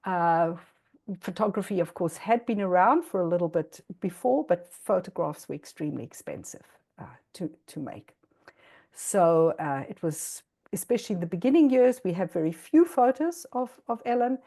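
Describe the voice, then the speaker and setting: A woman's voice: fairly low pitch, expressive, normal speed, dark tone. A middle-aged woman with a South African accent gives an informal, hesitant presentation to an audience listening through a translator, with many ums and restarts, apparently over a video call. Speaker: guest speaker.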